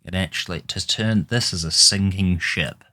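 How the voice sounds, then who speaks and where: A man's voice: sits low, moderate pace, pushed and bright. A man giving casual gameplay commentary, exasperated and swearing as he mutters at the game. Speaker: gaming YouTuber.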